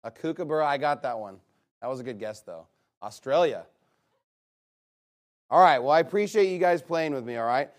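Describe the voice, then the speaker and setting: A man leading a casual game with an audience. He reads a long list aloud and breaks it up with quick, teasing asides. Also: mid-range voice, lively intonation. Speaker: game leader reading out his list to players.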